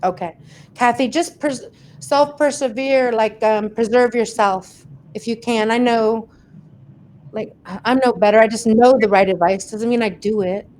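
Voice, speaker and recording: A woman's voice: fairly high pitch, fairly even intonation, normal speed, darkish tone, a little hiss or hum. A woman hosting a casual livestream, chatting and laughing as she reads out viewers' comments and thanks them by name. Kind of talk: casual live chat.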